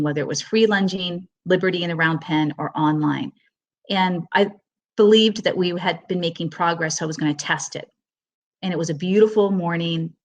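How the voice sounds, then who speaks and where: A middle-aged woman teaching horsemanship, telling a personal story in a webinar with earnest emotion and halting restarts. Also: fairly low pitch.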